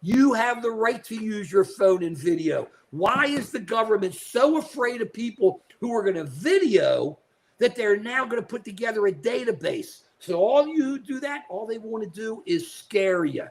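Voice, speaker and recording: A man's voice: high voice, expressive, normal speed, gravelly. An older man co-hosting a live political talk show, delivering outraged, emphatic commentary, repeating phrases and turning to his co-host by name.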